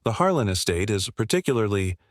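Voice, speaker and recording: A man voicing a calm, courteous waiter. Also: on the low side, fairly quick, dry recording, studio quality. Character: polite veteran male waiter.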